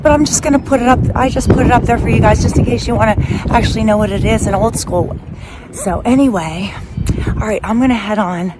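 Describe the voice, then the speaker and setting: A woman in her fifties who works as a personal trainer and bodybuilder vlogger chats casually to her phone camera, rambling cheerfully with plenty of asides. Her voice is a little high and a little fast, and there's heavy background noise.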